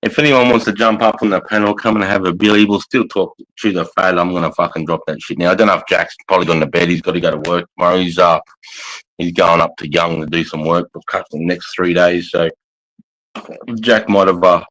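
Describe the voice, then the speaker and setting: A man's voice: sits low, fairly even intonation, fairly quick, fairly bright tone, poor audio. A middle-aged Australian man hosting a livestream from his couch at home, chatting in a casual, sweary way and calling everyone mate. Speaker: livestream host. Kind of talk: casual live chat.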